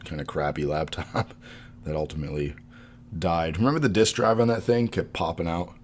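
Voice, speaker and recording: A man's voice: low-pitched, moderate pace, slight background noise. A man co-hosting a podcast in casual chat, rambling and laughing often. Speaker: podcast co-host.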